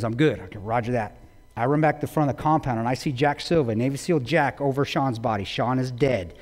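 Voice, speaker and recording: A man giving a talk to an audience, telling a war story with intensity, swinging between loud bursts and hushed low lines. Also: a little fast. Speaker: guest speaker. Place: large auditorium. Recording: long hall reverb.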